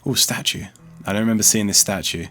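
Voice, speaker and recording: A fairly low-voiced man talks fast with a sharp edge. He's hosting a let's play, giving casual, chatty commentary and thinking out loud as he explores, and he startles easily.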